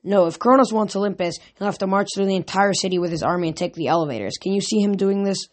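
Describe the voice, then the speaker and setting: A reader reading a novel aloud, halting and restarting often. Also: medium pitch.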